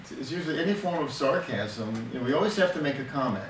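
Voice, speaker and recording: A fast-talking older counselor with a medium-pitched voice and lively intonation gives an earnest teaching talk on temperament, illustrating with everyday examples and often restarting sentences. The sound is distant and echoey, with faint background noise.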